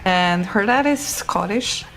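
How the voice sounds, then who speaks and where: A woman chatting as a co-host, animated and acting out what people said. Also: medium pitch, takes it slowly, low-quality recording. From Slovenia. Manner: animated, acts out quotes, laughs. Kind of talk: casual chat.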